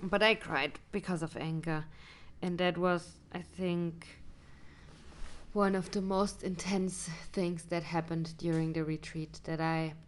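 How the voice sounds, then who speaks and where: A woman talking through her personal experience in a reflective vlog, hesitant and searching for words, sometimes dropping to a soft whisper. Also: sits low. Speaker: vlogger.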